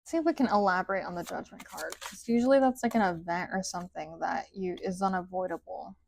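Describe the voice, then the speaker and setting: With a fairly low pitch and vocal fry, this tarot reader talks fairly quickly through a casual reading. Her chatter rambles, "like" crops up constantly, and her sentence endings go sing-song.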